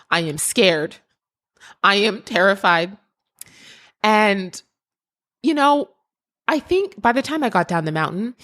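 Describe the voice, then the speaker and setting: A woman hosting a solo podcast, telling a story in an animated way with laughter and big jumps in pitch. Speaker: podcast host and creativity mentor.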